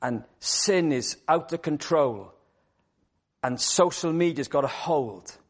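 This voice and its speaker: A man delivers a church sermon, his voice sitting a little high for a man. He tells the story with drama, dropping to a hush and then rising loud. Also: animated, takes it slowly. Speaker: preacher.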